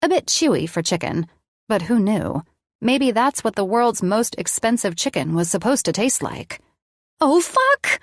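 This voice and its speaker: A woman's voice: medium pitch, animated, moderate pace, darkish tone, no echo, clean studio sound. A woman reading a romance audiobook in first person, with an intimate, confessional tone. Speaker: audiobook narrator.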